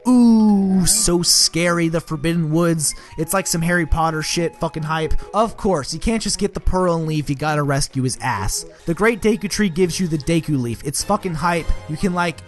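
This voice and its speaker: A young man giving a comedic, sarcastic game recap, swearing constantly and full of filler words. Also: sits high.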